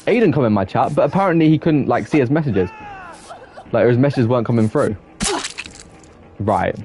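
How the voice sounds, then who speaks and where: A young man streaming a game, chatting loosely with his viewers and getting quickly exasperated at teammates, with many restarts. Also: mid-range voice, expressive, background noise. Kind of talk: casual live-stream chat while gaming.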